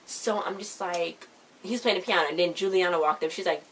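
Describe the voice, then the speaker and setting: A woman's voice: on the low side, a little fast, fairly bright tone, low-quality recording. A woman casually recapping a TV episode on her vlog, retelling scenes in a chatty, rambling way. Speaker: TV recap vlogger.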